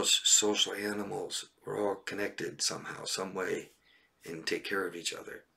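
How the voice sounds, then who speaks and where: A man's voice: low voice, gravelly, bright, forceful tone, husky. A man coaching on relationships during a live stream, reading viewer questions and answering bluntly, often checking in with "right?" and "okay?".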